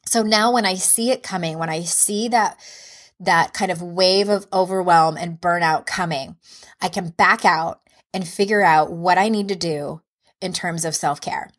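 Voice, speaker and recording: A woman's voice: on the low side, a little slow. A woman in her thirties, a life coach hosting her podcast, talking candidly and encouragingly about her own experience. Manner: candid, self-reflective, encouraging. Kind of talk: solo podcast monologue.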